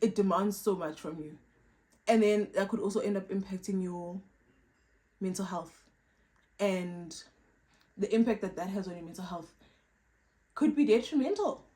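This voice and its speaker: A young woman speaks in a casual advice vlog, her voice sitting on the lower side. She drives her points home by repeating them and drops in playful asides. A faint background noise sits behind her. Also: darkish tone, low-quality recording. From South Africa. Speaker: vlogger.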